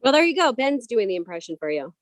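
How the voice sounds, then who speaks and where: A woman's voice: a little high, very animated, quick pace, no echo. Middle-aged woman from socal, bubbly and chatty, says like a lot, dry close sound. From Southern California valley. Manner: chatty, bubbly, full of fillers like "like". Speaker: co-host. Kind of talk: casual chat.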